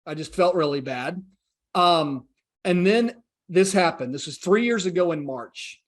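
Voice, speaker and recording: A man's voice: high-pitched, expressive, unhurried. A man in his forties, a podcast guest telling his story in an earnest, reflective way and acting out the dialogue he quotes. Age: 40s.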